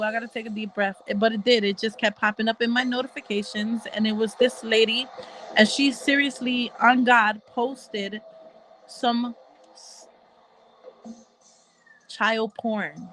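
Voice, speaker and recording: High-voiced woman, heated rant. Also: fairly bright tone, slight background noise, rough recording. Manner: heated, repetitive, talks straight to viewers with religious asides. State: crying. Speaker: commentary vlogger. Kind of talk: emotional casual rant to viewers.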